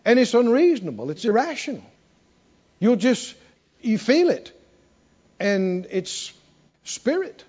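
Male preacher, very animated sermon, keeps asking the church stuff, muffled lo-fi sound. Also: extremely high pitch, measured pace, long pauses, husky. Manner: animated, emphatic, asks the congregation questions. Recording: dull lo-fi recording.

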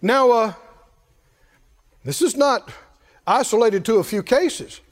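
A male preacher with a strikingly high voice, delivering a sermon full of emphatic call-and-response. He pushes his points hard and at times rises to a shout. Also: lively intonation, takes it slowly.

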